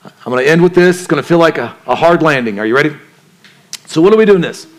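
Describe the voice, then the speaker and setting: A man's voice: a little high, expressive, fast. A male pastor preaching a sermon in a conversational way, asking the congregation questions and acting out the voices in people's heads. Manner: conversational preaching, asks the crowd questions, acts out inner voices.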